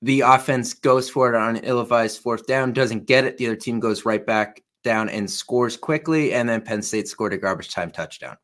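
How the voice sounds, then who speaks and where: A man's voice: mid-range voice, moderate pace, hardly any pauses, a bit bright. A man co-hosting a sports podcast, talking in a laid-back way and hedging often. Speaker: podcast co-host. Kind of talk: casual sports talk.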